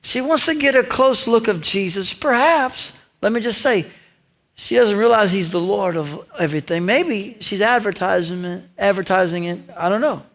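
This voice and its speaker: A male pastor preaching a sermon in a lively storytelling way, acting out lines and talking directly to his congregation. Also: high-pitched, moderate pace. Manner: conversational asides to the congregation.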